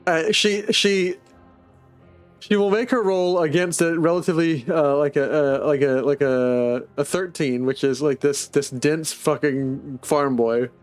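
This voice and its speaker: Guy gm narrating a tabletop game, kinda high voice, says like constantly, faint music. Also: steady tone, measured pace. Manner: rambling, full of "like" and restarts. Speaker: game master.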